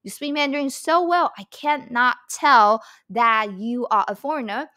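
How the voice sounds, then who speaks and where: A woman with a high, bright voice gives a language lesson. She speaks slowly and deliberately, repeating each example so learners can follow. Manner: slow, repeating phrases for learners; mixes English explanation with Mandarin examples. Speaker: Mandarin teacher.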